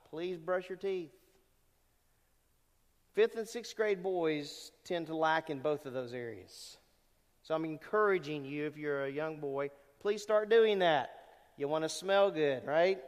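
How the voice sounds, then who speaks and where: Pastor guy preaching, high voice, chatty, asks the crowd stuff, big echoey church. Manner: conversational preaching with audience questions. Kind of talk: sermon. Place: church sanctuary. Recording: long reverb of a church hall.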